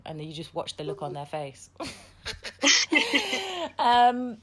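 A woman's voice: mid-range voice, unhurried, pauses often. A woman hosting a podcast, talking casually, blunt and outspoken and swearing freely. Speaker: podcast host. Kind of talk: casual conversation.

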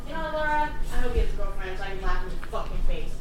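A woman's voice: mid-range voice, expressive, rapid-fire, hardly any pauses, noisy background. A young woman co-hosting a podcast, reacting to a movie in a brash, profane, mocking way. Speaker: podcast co-host. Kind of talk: casual movie-reaction chat.

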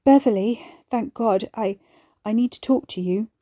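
A woman's voice: on the high side, moderate pace, mellow, no room sound, studio quality, natural voice. A woman voicing a frightened, grieving young man who pleads in a breaking, whispery voice. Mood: pleading.

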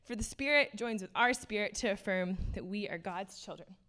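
Young woman, sermon, earnest and casual, lots of fillers, mid pitch. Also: normal speed, sharp tone. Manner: earnest, casual, many fillers, laughs between points. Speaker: speaker.

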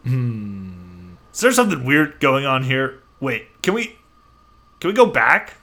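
Brief: a male tabletop player, bright voice, very lively, playful and curious. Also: medium pitch, unhurried. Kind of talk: casual tabletop game play.

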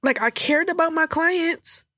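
A woman's voice: extremely high pitch, measured pace, pushed and bright, dry recording, studio quality. A young woman hosting a candid podcast, telling a personal story while choked up and tearful, with lots of rambling fillers. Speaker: podcast host.

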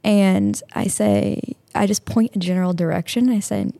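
A woman's voice: medium pitch, moderate pace, vocal fry, no echo. A young woman, a marine sheriff's deputy, telling stories in a casual interview and laughing often. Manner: laughs often, animated anecdotes.

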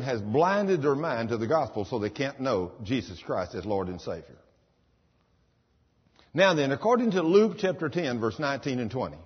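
A man's voice: mid-range voice, breathy edge. A man preaching a sermon, emphatic, rising into commanding bursts. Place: church. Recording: dull sound with long hall reverb.

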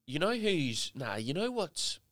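A man co-hosting a casual sports podcast, talking in dry, deadpan, clipped replies. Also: a little high, unhurried. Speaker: podcast co-host. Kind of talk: casual chat.

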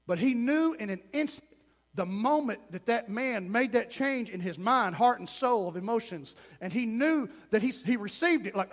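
A man preacher delivering a passionate sermon in a church, swinging between loud emphasis and hushed asides. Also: high-pitched, lively intonation, moderate pace, in a large hall.

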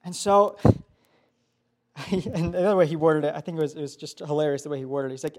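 A young man giving a youth sermon, telling a story in a casual, animated way full of fillers. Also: fairly high pitch, a little fast, pauses often. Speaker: youth pastor.

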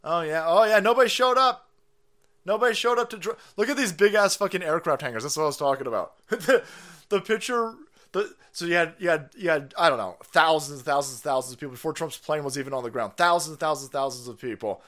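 Foul-mouthed man ranting, high-pitched. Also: expressive, fast, a bit bright. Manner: foul-mouthed, mocking, laughs often. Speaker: streamer host. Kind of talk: profane political rant.

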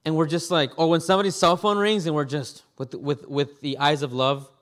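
A man preaching a sermon as pastor, animated and acting out scenes with quick voice changes. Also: a little high.

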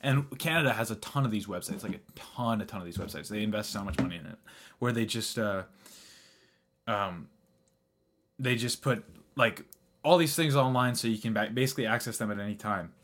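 A man's voice: fairly low pitch, fairly quick, fairly bright tone, slight background noise. Young man rambling on a casual podcast. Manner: rambling, laughs often, swears casually. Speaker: podcast host.

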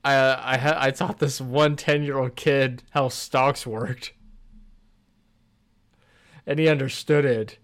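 A young man chatting casually on a podcast. His voice is medium-pitched and relaxed, and he drops crude jokes as he talks. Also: takes it slowly, long pauses. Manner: laid-back, joking, crude asides. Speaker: podcast co-host. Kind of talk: casual chat.

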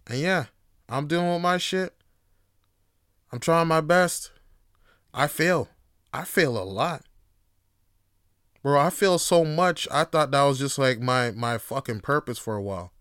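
Male host, casual profane monologue, slightly high voice, dry close sound. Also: fairly bright tone, clear, resonant tone, dry recording. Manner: loose, profane, laughing asides.

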